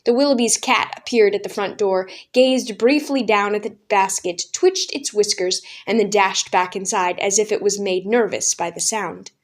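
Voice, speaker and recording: A woman narrating a children's book aloud as a storyteller, calm and even. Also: mid-range voice, moderate pace, hardly any pauses.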